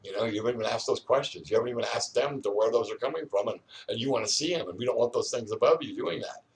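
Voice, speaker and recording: A man's voice: medium pitch, fast, recorded from a distance. An older man rambling and ranting outdoors, full of "you know" fillers. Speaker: vlogger.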